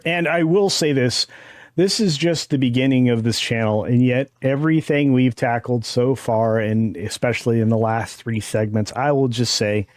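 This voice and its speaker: A man hosting a casual panel chat, earnest and halting, often restarting his sentences. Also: medium pitch, a little mellow, dry recording, studio quality. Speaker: host.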